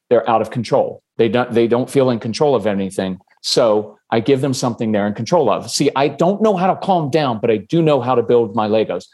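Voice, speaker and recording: Calm man giving parenting advice. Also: mid-range voice. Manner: calm, steady, gives examples with acted quotes. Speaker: parenting expert guest. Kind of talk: casual podcast interview.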